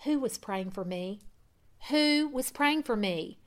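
A woman voicing a distraught young adult daughter who pleads in a high, tearful voice. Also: moderate pace, warm tone, lightly acted. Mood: insistent.

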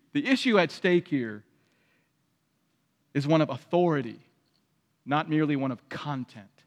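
A man preaching a sermon as pastor, emphatic and repeating his key phrases, often climbing to loud peaks. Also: a little high. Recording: long hall reverb.

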